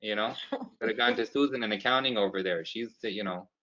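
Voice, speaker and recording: A man's voice: lowish voice, a little fast, sharp tone, dull audio. A man with a Canadian accent putting on a folksy, cheap male boss from a reality show who talks in a chummy drawl. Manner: chummy, drawling, full of "there" and "you know".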